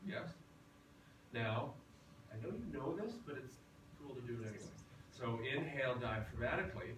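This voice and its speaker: A man teaching a singing class in a relaxed, chatty lecture style. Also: medium pitch, normal speed. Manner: relaxed, chatty, tells anecdotes. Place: classroom or rehearsal hall. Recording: roomy, from far off, noisy.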